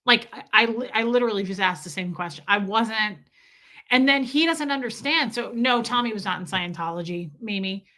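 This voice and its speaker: Woman, livestream host, casual chat, rambling, restarts sentences, bright forceful tone. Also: mid-range voice, expressive, normal speed. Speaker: livestream host reading viewer comments.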